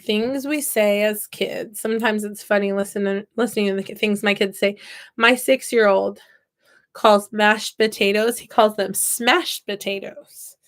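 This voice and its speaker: A playful, chatty woman in her thirties tells funny little stories as she works on a craft project. Her voice sits at an ordinary middle pitch, and she talks in an easygoing, unscripted way while her hands stay busy. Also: fairly even intonation, measured pace, a bit bright. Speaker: toy repair vlogger. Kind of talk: casual chat while crafting.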